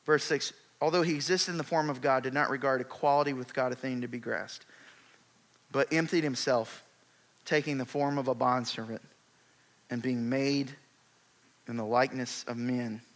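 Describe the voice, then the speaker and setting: A man preaching a sermon, retelling scripture in a lively, conversational way with emphatic rises. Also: mid-range voice, moderate pace.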